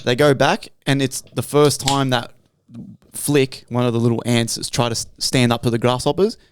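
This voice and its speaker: An Australian man hosting a casual podcast chat, animated and swearing heavily. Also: medium pitch, moderate pace, clean tone, no room sound, studio quality. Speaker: podcast host.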